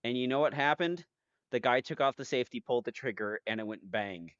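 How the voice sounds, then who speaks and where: A man's voice: medium pitch, fairly quick, dry recording. Rambling man on a lo-fi podcast. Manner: rambling, animated storytelling with restarts. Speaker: podcast host. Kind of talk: casual chat. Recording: dry, dull lo-fi podcast audio.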